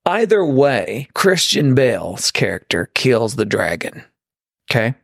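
A man's voice: mid-range voice, big pitch swings, measured pace, vocal fry, no room sound, studio quality. Rambling man co-hosting a podcast. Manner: rambling, restarts while explaining a theory. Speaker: podcast co-host. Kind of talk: casual chat.

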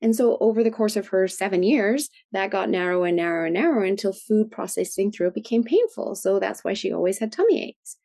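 Woman, middle-aged, mellow tone, chatty explainer, interview guest. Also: mid-range voice. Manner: chatty, explanatory, often ends with "right?". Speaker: guest expert on food sensitivities. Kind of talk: conversational interview.

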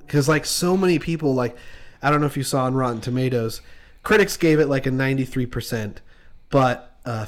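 A man in a casual film discussion, talking in a rambling way with many "like" fillers. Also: medium pitch.

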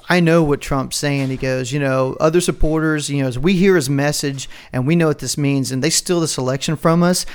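A man co-hosting a podcast in casual political chat, rambling and profane, often breaking into laughs. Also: a little high. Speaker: podcast co-host.

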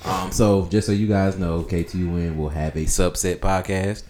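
A man's voice: low-pitched, steady tone, moderate pace, a crowd in the background. A man co-hosting a podcast in casual chat, joking crudely and laughing often. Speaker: podcast co-host.

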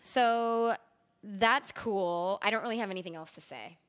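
A woman's voice: mid-range voice, a little slow, fairly bright tone, clean tone. Chatty woman podcast host. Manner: chatty, rambling with fillers and laughs. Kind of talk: casual chat.

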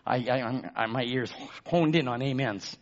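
A pastor preaching a sermon. He drops to a murmur, then shouts for emphasis and calls out to the congregation for amens. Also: moderate pace, muffled recording. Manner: swings between low murmurs and loud shouted emphasis.

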